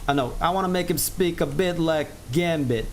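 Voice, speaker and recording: A man's voice: a little high, moderate pace, slight background noise. A man streaming a game live, chatting casually in a rambling way, correcting himself and laughing at himself.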